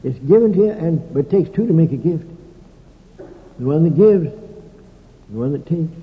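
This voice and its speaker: An older male preacher delivers a sermon in a folksy, story-telling way, with dry humorous asides. His voice sits a little high. The sound is tinny, as on an old recording, with a long echo from a large hall. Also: animated, normal speed.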